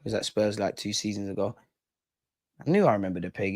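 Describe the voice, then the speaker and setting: A man's voice: on the low side, brisk, long pauses, a little mellow, dry recording. A young man hosting a live football watch-along, heckling penalty takers and ranting casually. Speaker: football fan channel host.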